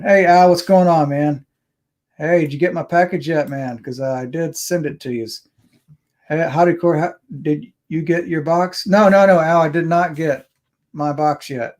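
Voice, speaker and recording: A man's voice: fairly high pitch, darkish tone. A man hosting a casual livestream chat, talking in a laid-back, slangy way. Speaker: livestream host.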